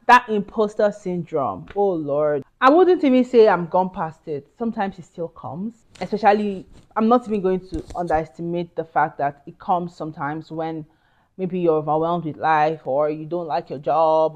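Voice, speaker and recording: A woman's voice: lowish voice, darkish tone, dull audio. A woman with a Nigerian accent giving career advice in a casual, earnest and emphatic chat with asides. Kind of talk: casual advice talk to camera.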